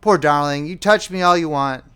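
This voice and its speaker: A man voicing a dying young British woman, speaking softly and tenderly. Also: a little high, normal speed, clear, resonant tone. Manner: soft, weak, tender.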